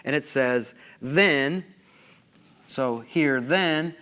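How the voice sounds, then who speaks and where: A middle-aged man lecturing at a conference, animated and full of rhetorical questions, sometimes losing his place. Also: mid-range voice, takes it slowly. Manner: self-interrupting, loses his place. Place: lecture hall.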